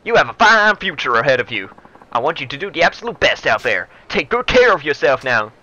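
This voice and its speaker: A man voicing a folksy, boisterous older male politician in a put-on Texan accent, loud and drawling. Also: on the high side, big pitch swings, fairly quick. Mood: hearty. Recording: dull lo-fi with faint noise.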